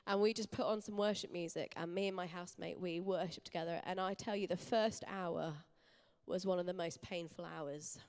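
Young woman, lowish voice, conversational church sermon, earnest. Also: steady tone, moderate pace, darkish tone, clear, resonant tone. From England. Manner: earnest, personal, conversational preaching. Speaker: church speaker. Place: church hall.

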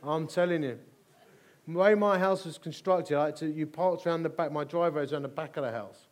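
Bloke preaching, fairly high voice, jokey storyteller, repeats stuff for punch. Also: male voice, a little fast. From England. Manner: animated, humorous, emphatic repetition. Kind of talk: sermon with storytelling.

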